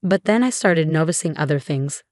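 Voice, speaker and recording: A young adult woman narrating a scripted first-person story in an even, conversational way. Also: sits low, normal speed, no room sound, clean studio sound.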